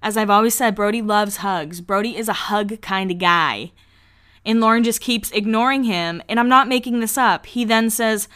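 A young woman hosting a podcast, recapping a reality show in a gossipy, casual way with low asides. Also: fairly even intonation, moderate pace, a bit bright, smooth. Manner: chatty, gossipy, laughs often, drops into low asides. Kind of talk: casual chat.

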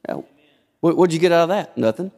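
A man's voice: a little high, expressive, fairly quick, gravelly, a little mellow. A man preaching a sermon as pastor, asking rhetorical questions and shifting his emphasis often. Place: church sanctuary. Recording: long hall reverb.

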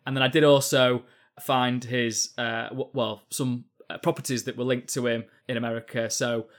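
On a podcast, a male journalist guest chats informally in a mid-range voice. His tone stays level and his speed normal, but he hedges and stumbles constantly, padding his story with ums and sort-ofs.

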